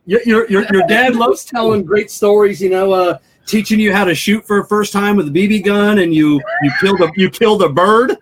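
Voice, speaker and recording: High-voiced man teasing his guest. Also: a little fast, hardly any pauses. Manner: teasing, laughing, repeats words as he fumbles. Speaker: host. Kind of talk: casual teasing interview.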